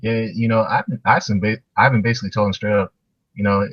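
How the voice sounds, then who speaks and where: Male podcast guest, casual anime chat, very low husky voice, laid-back, dry muffled mic. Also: steady tone, fast, fairly bright tone, no room sound. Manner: laid-back, loose, sprinkled with "you know" and "man".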